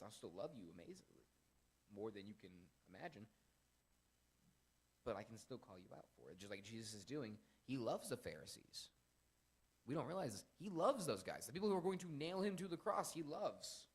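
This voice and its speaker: A young man in his twenties hosting a casual faith podcast, rambling and animated as he tells stories and acts out quotes. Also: medium pitch, normal speed, long pauses, breathy edge. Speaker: podcast host.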